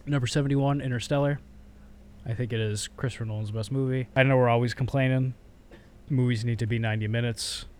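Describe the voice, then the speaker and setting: Animated young man telling movie stories. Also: mid-range voice, fairly quick. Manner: animated storyteller, acts out scenes in voices, swears casually. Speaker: podcast co-host. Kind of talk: casual chat counting down a movie list.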